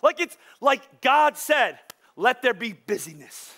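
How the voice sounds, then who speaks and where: A man's voice: very high voice, big pitch swings, slow pace, sharp tone. A man preaching a sermon as pastor, in a casual, joking way that acts out the voices of his listeners. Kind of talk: conversational sermon.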